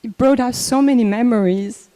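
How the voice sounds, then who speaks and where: An older woman speaks at a memorial in a warm, mellow voice, taking her time and filling gaps with ums and restarts. Her voice rings with a long reverb in a temple hall. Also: a little high. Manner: unhurried, conversational, many fillers and restarts. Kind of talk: personal memorial talk.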